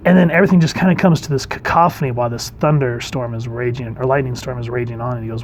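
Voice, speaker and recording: Relaxed male comic reviewer, mid-range voice, casual chatty delivery, faint background noise. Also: medium pitch, fast, few pauses. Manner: chatty, relaxed, reads comic panels aloud.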